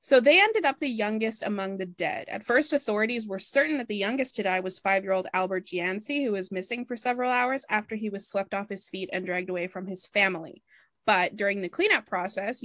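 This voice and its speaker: A woman's voice: medium pitch, animated, fairly quick, fairly bright tone, no echo. A woman hosting a podcast, narrating historical stories in a chatty way with many fillers. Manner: chatty, laughs and explains with lots of fillers. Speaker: podcast host. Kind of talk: casual chat and story narration.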